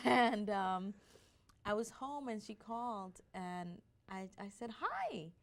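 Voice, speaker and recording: A woman telling her personal story as an interview guest, in an animated way with frequent restarts. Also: mid-range voice, slow pace.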